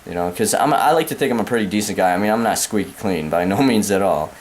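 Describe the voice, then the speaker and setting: Young American man, vlog rant, profane, repetitive, lowish voice, faint background hum. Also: expressive, fast talker. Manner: profane, repetitive, calling the listener man and dude. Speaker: vlogger. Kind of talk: angry rant to camera.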